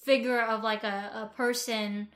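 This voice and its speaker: A woman's voice: a little high, flat delivery, measured pace, fairly bright tone. A woman from the United States co-hosting a casual chat, rambling a little, with many fillers and restarts. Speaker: podcast co-host.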